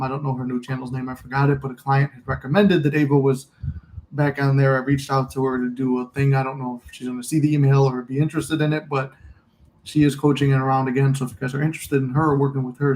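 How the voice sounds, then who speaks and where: A man's voice: mid-range voice, darkish tone, slight background noise, poor audio. A man hosting a casual livestream, talking candidly in a rambling way, cursing freely and reading out and answering viewer comments. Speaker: livestream host.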